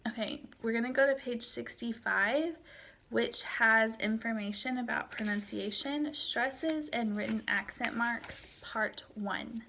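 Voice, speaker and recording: A woman's voice: on the high side, measured pace, gravelly, bright, forceful tone, a little hiss or hum. Woman teacher explaining with frequent ums. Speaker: Spanish teacher. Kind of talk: recorded lecture walkthrough.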